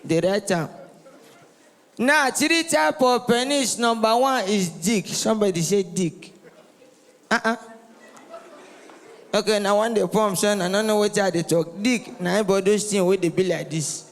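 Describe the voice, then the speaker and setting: A Nigerian comedian with a high, bright voice works a live crowd, teasing and shouting for responses. The sound carries a long reverb from the hall. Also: male voice, normal speed. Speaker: stand-up comedian. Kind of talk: stand-up comedy set in Nigerian Pidgin.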